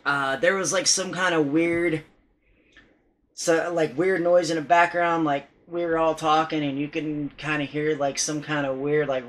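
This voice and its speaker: A man's voice: fairly high pitch, a bit bright, rough recording. A man vlogging casually about paranormal recordings, rambling and hesitant, with many restarts and some swearing. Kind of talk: casual vlog talk.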